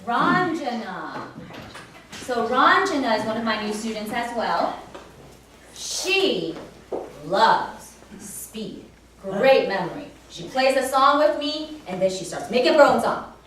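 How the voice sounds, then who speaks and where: A woman piano teacher speaking to children and parents at a recital, telling animated stories and acting out her students. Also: a little high, takes it slowly, slight background noise. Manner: animated storytelling, acts out students. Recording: echoey room from far off.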